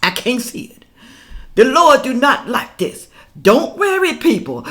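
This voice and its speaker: A woman, talking slowly and deliberately in a scolding, preachy vlog rant. Her pitch leaps all over the place, and she drops from loud outbursts to hushed near-whispers. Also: big pitch swings. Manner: preachy, scolding, addresses viewers as y'all and people; swings between loud outbursts and hushed asides. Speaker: political commentary vlogger. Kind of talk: casual reaction vlog rant.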